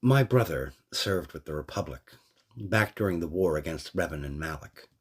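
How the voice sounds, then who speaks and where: A man voicing a gentle, wry middle-aged woman who owns a café, in a fan story reading. He keeps her measured and quietly defiant. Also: deep voice, expressive, breathy edge, heavily acted.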